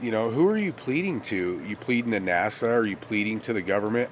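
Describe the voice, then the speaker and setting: A man's voice: on the low side, very animated, normal speed, hardly any pauses, slight background noise. A young man ranting bluntly and profanely in a rambling casual monologue to his viewers. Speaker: vlogger.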